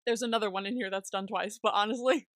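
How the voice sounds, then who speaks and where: A young woman co-hosting a casual podcast, chatty and quick to laugh, swearing casually. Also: medium pitch, fairly even intonation, fairly bright tone, dry recording, clean studio sound. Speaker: podcast co-host. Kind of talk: casual chat.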